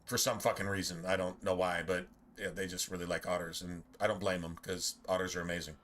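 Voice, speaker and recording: A man's voice: low-pitched, little pitch movement, a little fast, fairly bright tone, slight background noise. A man giving blunt, profane, rambling commentary while streaming a video game. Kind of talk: casual gameplay commentary.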